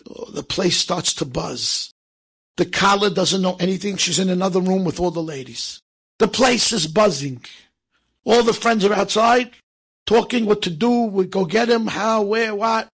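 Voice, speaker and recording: High, gravelly storytelling man. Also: moderate pace. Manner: lively, acts out quoted speech, sprinkles Hebrew phrases. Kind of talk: animated storytelling to an audience.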